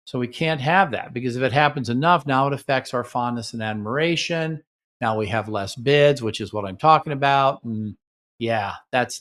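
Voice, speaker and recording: Casting note: middle-aged man, relationship therapist and host, mid-pitched, talks conversationally and acts out sample couple dialogues. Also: fairly bright tone. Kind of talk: teaching talk to camera.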